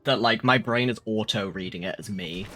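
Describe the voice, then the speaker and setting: A man's voice: fairly low pitch, brisk, sharp tone, faint music behind. A young man chatting casually on a live stream, rambling and swearing with lots of fillers.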